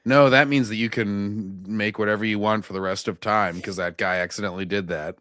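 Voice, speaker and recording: A man's voice: lowish voice, steady tone, brisk, fairly bright tone, no room sound, clean studio sound. A man hosting a podcast in casual, jokey chat. He laughs often and acts out scenes. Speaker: podcast host.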